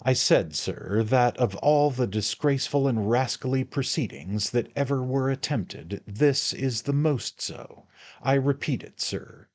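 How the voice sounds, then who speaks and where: A man voicing an indignant elderly gentleman who bursts out emphatically, in a husky audiobook reading. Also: mid-range voice, sing-song, unhurried, few pauses, pitched above the performer's own voice. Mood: enraged. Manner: raised, emphatic outbursts. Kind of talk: audiobook character voice.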